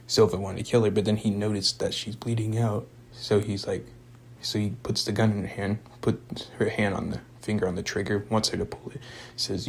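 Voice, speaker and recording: A man's voice: lowish voice, creaky, slightly rough. A young man casually recapping a movie in a rambling, laid-back way, full of fillers like "like" and "um". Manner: laid-back, chuckles now and then. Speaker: movie reviewer. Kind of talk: casual spoken movie review.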